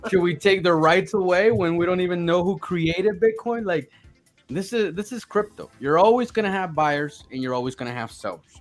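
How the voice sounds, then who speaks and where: A man chatting casually on a live audio space, animated and mocking complainers in put-on voices. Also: sits high, normal speed, faint music behind. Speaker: crypto project team member.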